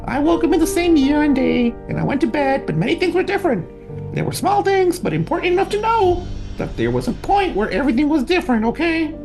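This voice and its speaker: A woman putting on a high, sassy Southern accent while voicing a brassy Southern woman telling her story. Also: big pitch swings, a little fast, gravelly, over music, full character voice. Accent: put-on American Southern.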